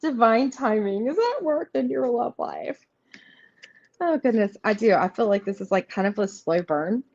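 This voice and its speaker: A woman reads tarot live for her viewers, talking casually with lots of fillers and restarts. Her voice sits low with a gravelly fry and swings widely in pitch. The stream audio is slightly muffled, with faint noise and keyboard clicks behind her. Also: animated, moderate pace, darkish tone. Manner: chatty and rambling, many fillers and restarts; reassuring, speaks straight to viewers. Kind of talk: casual live card reading.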